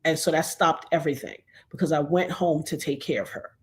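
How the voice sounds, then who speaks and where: A middle-aged woman telling a personal story in a casual, animated way, acting out the other people's lines as she goes. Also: low voice, a little fast. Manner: animated, acts out quoted dialogue.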